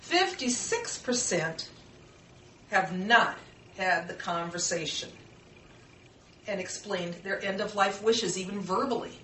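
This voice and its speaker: A woman's voice: mid-range voice, animated, slow pace, pauses often, a bit bright, slight background noise. Middle-aged lady teaching a workshop, chatty and earnest, sounds far from the mic in a roomy space. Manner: earnest and conversational, with personal anecdotes. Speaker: workshop presenter. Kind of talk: informal classroom talk. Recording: echoey room, mic far off.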